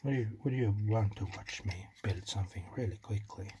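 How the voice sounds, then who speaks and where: A man's voice: on the low side, fairly quick. A man with a non-native English accent hosts a do-it-yourself electronics video. He talks casually and rambles with joking asides, muttering to himself as he works at a home workbench. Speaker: DIY electronics channel host. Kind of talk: casual talk-through while building a circuit. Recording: clear clicking and typing noise behind the voice.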